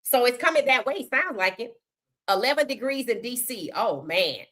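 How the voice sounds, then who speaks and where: A woman's voice: a little high, lively intonation, moderate pace, bright, forceful tone. A woman hosting a casual sports talk livestream, giving outspoken, colloquial opinions and greeting chat viewers. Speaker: podcast host.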